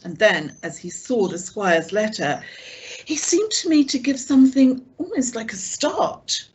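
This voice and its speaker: Slow, lively woman audiobook reader. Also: fairly high pitch, husky, poor audio. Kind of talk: audiobook narration.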